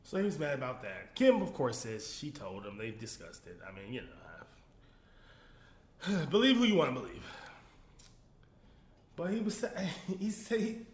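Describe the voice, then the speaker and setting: A man hosting a casual solo commentary show, animated, laughing often and talking straight to his viewers. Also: mid-range voice, moderate pace, long pauses, roomy sound. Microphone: phone.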